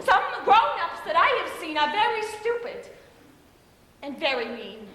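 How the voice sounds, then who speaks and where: A stage actress playing a childlike, emotionally fragile adult daughter who speaks in an earnest, pleading way during a live play. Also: female voice, very high-pitched, very animated, unhurried, noisy background, heavily acted. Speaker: stage actor. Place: theater stage. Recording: reverberant theater from far off.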